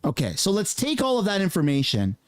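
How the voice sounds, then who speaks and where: A man hosting a casual political commentary rant, swearing and mocking other people with quick impressions. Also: high voice, wildly swooping pitch, no echo.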